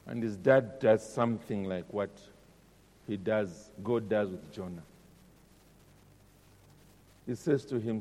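A man preaching a sermon, dramatic, dropping to a hush and then rising loud. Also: on the low side, takes it slowly, long pauses, long reverb tail, a little hiss or hum. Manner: dramatic, swings between hushed and loud.

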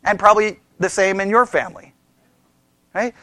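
A man leading a Bible study, animated, laughing often and asking the group rhetorical questions. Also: high voice, normal speed, no echo.

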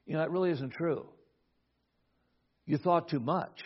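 Husky guy preaching, kinda high voice, telling a story, dull lo-fi sound. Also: a little fast. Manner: storytelling, repeats words at starts of phrases. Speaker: pastor. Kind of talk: sermon with personal story. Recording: dull lo-fi recording.

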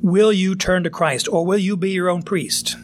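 A man's voice: sits high, fairly even intonation, moderate pace, a little hiss or hum. A pastor giving a sermon in an earnest, plain-spoken way, now and then acting out the voices he quotes.

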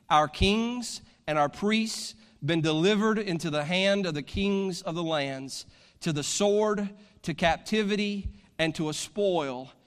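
In a sermon recorded with long hall reverb, a man with a high-sitting, slightly bright voice reads from scripture. His delivery then builds into fervent preaching.

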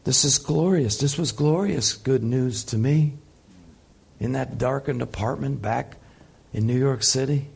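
A man preaching a sermon, impassioned, swinging between loud peaks and soft, quiet passages. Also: medium pitch, a little slow, creaky, breathy edge. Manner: impassioned, rising loud then dropping soft. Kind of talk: sermon teaching.

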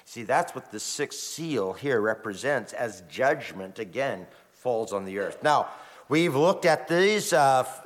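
Male pastor, lively expressive preaching, church hall reverb, pulpit mic. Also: medium pitch. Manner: animated storytelling with emphatic rises. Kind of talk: sermon with scripture reading. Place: church sanctuary.

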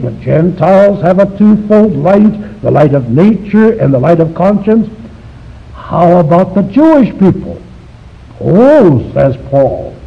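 A man teaching a Bible study to a live class, emphatic and full of rhetorical questions. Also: sits high. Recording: dull lo-fi recording.

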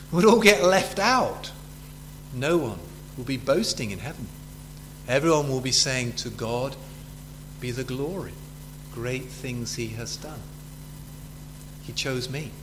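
A man's voice: a little high, a bit bright, a little hiss or hum. A man preaching a sermon in a chatty way, full of rhetorical questions to his listeners.

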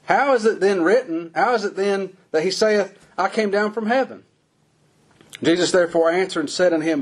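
Husky man preaching. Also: moderate pace. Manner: folksy preaching, voice climbing high on emphatic lines. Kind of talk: sermon.

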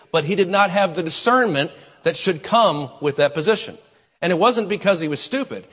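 A man's voice: high voice, fairly bright tone, husky. Man preaching in a reverberant hall. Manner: preaching with dramatic pauses and shifting volume. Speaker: pastor. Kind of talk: sermon.

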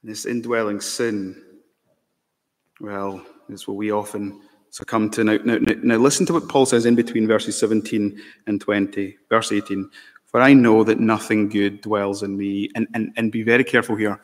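A man's voice: lowish voice, level tone, normal speed. A man preaching a sermon as pastor, earnest, asking the congregation pointed rhetorical questions. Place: church. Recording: long church reverb.

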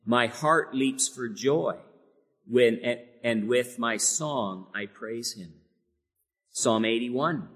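A man's voice: medium pitch, very slow, fairly bright tone, husky. A man preaching a sermon, earnest and building to emphatic peaks on key phrases. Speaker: pastor. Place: church sanctuary. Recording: long hall reverb.

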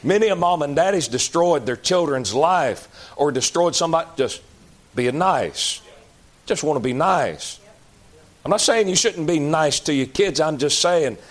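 A man preaching a sermon in a folksy, emphatic way, jumping to loud outbursts and dropping to low, slow asides. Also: animated. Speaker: pastor.

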